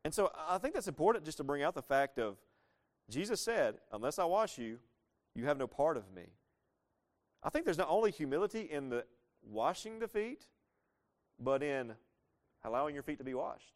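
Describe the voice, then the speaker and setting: A man preaching a sermon, lively and conversational, asking his listeners questions and acting out the lines he quotes. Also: fairly high pitch, moderate pace, long pauses. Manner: animated, asks the congregation questions, acts out quoted lines. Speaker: pastor.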